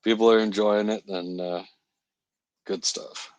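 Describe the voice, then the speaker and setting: A man's voice: fairly low pitch, steady tone, unhurried, dry recording. A young man filling in as host of a live stream, chatting casually with viewers, laughing often and talking into a phone microphone. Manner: chatty, laughs often, reads and answers chat.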